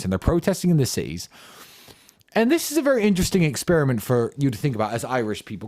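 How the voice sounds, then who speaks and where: A man's voice: medium pitch, a little mellow. Combative man with a swooping delivery. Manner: emphatic, combative, profane; rhetorical questions in bursts. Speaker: speaker answering audience questions. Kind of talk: impassioned monologue.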